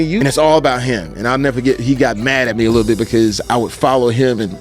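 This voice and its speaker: A man as a podcast guest telling a lively story, repeating words, laughing and acting out the people he quotes. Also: medium pitch, fast, few pauses, music in the background. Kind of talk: animated storytelling.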